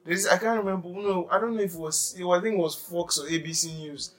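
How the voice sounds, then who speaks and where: A young Nigerian man co-hosting a podcast in casual chat, animated, often laughing and mixing in pidgin. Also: sits high, fast. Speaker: podcast co-host.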